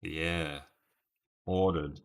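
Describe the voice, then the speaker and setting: A man's voice: very deep voice, fairly even intonation, extremely slow. A man casually live-streaming a word puzzle, thinking aloud over his guesses and chatting with viewers by name. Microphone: webcam stream setup.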